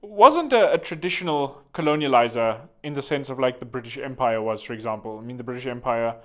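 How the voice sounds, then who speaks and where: A man hosting a solo podcast, joking and rambling with self-mocking asides and sudden loud bursts. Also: medium pitch, expressive, brisk. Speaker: podcast host. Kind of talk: jokey solo podcast monologue. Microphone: studio microphone.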